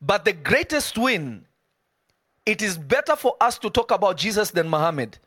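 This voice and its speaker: A man delivers a live sermon in a high voice, emphatic and conversational, often breaking off into quick asides to his listeners. The sound is dry and close. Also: sing-song, fairly bright tone, no echo. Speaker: preacher.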